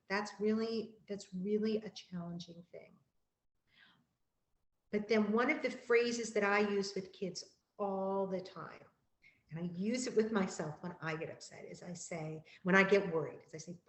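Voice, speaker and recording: Woman counselor, mid-pitched, calm and gentle, presenting to parents; roomy echo. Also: normal speed. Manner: calm, gentle and explanatory, repeats key phrases. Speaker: school counselor.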